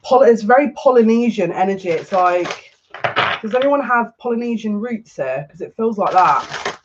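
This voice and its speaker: A woman doing a chatty live tarot reading who is excitable and gushing and often restarts her sentences. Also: medium pitch, moderate pace, highs cut off, background noise. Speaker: psychic tarot reader.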